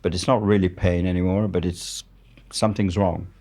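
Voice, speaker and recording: Deep and dark, his voice stays steady at normal speed. He's a war journalist from France in his seventies, speaking accented English as a guest and telling candid stories in conversation, blunt and matter-of-fact, with free swearing.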